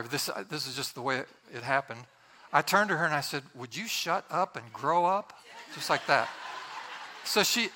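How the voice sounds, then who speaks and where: Male preacher, middle-aged, high voice, animated storytelling, laughs often. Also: slight background noise. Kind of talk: sermon with a humorous story.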